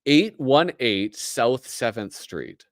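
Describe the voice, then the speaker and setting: A man's voice: medium pitch, lively intonation, slow, no room sound, studio quality. A man with a Midwestern American accent, hosting a casual livestream, chatty and joking as he reads aloud. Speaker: host.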